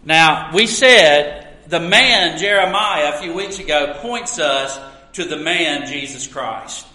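A man preaching a sermon as pastor, earnest and storytelling, with emphatic pauses. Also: a little high, pushed and bright. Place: church sanctuary. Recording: echoey hall with long reverb.

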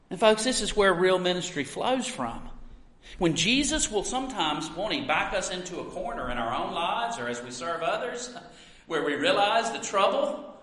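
A man preaching a sermon, swinging between loud emphatic lines and hushed asides. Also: sits high, big pitch swings, normal speed, reverberant, long reverb tail. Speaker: pastor.

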